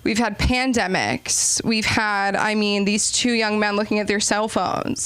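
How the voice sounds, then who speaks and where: A woman's voice: mid-range voice, unhurried, hardly any pauses, fairly bright tone, smooth, no echo. A young woman from Los Angeles hosting an open mic, doing rambling, self-deprecating stand-up between acts. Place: small comedy club stage.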